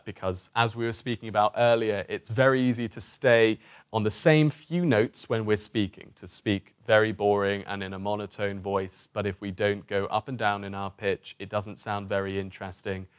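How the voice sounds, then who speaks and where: A man coaching a voice warm-up lesson, encouraging and demonstrative as he guides participants through exercises. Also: fairly low pitch. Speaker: presentation skills coach.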